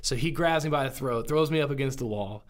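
A man's voice: medium pitch, fairly quick. A middle-aged man telling personal stories in casual chat, acting out the voices of the people in them. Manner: animated storyteller who acts out quoted voices. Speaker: guest telling life stories.

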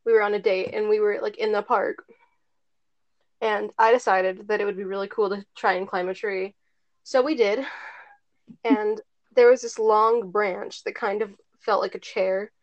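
A teen girl with a medium-pitched, fairly even voice talks at a moderate pace, casually recounting a story to friends. Her telling wanders, with frequent "like" and some swearing, on a dull lo-fi recording.

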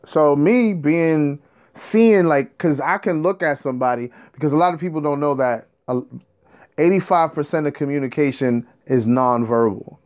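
A man in a casual monologue, telling a story in an animated, streetwise way, with profanity and slang. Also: fairly high pitch, moderate pace.

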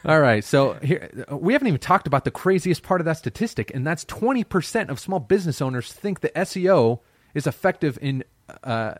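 A man's voice: on the high side, sing-song, fairly quick, no echo. A man co-hosting a podcast in casual chat, argumentative and teasing. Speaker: podcast co-host.

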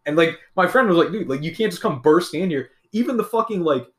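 A man's voice: a little high, fast, roomy sound. A young man in casual chat, telling a school story with lots of swearing and acting out what people said. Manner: profane, animated, acts out quotes in shifting voices.

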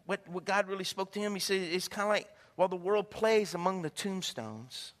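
A high, bright-voiced man preaching a sermon, telling stories and calling out to the congregation. His voice rings with the long reverb of a big church hall. He drifts between quiet, low storytelling and loud, high-pitched calls. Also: moderate pace.

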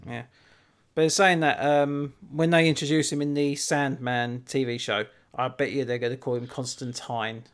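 A man's voice: mid-range voice, flat delivery, moderate pace, fairly bright tone. An English man hosting a podcast, chatting enthusiastically and swearing freely. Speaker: podcast host. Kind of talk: casual chat.

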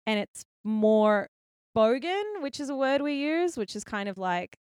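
Young Australian woman, chatty guest; smooth voice, dry and close. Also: on the high side, big pitch swings, a little slow, darkish tone, no room sound. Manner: chatty, many likes and restarts. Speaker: guest, filmmaker. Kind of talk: casual interview chat.

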